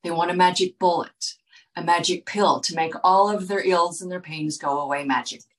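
A woman's voice: fairly low pitch, fairly even intonation, brisk, poor audio. A woman talking straight to her viewers in an earnest, lecturing way, often checking in with "okay?". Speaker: wellness speaker. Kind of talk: direct-to-viewer talk.

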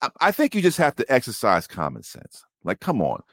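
A man co-hosting a podcast, talking in a blunt, profane, animated way. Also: medium pitch, brisk, dry recording, studio quality. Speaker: podcast co-host. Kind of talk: casual chat.

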